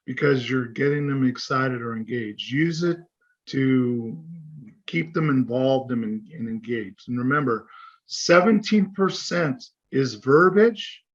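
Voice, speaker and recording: A man giving a fast-paced, conversational business training presentation at a chamber meeting, sometimes acting out sample phone dialogue. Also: medium pitch, dull audio. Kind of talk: seminar presentation.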